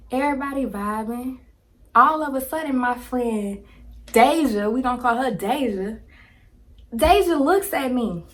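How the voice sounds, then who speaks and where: Animated slangy young woman telling a story. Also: on the high side. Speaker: storytime vlogger. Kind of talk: casual storytelling to camera. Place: indoors, home filming with ring light. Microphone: phone camera.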